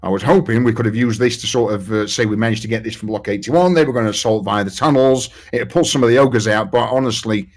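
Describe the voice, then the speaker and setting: A man with a lowish voice talks fast with few pauses while playing a tabletop role-playing game, rambling, swearing often and using lots of fillers as he plans with the group in casual play chat.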